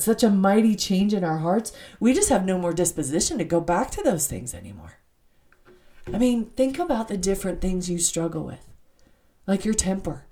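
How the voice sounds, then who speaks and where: A woman's voice: lowish voice, dark tone. A woman hosting a devotional podcast, talking earnestly and from the heart. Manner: earnest and heartfelt, with many "I mean" asides. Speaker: podcast host.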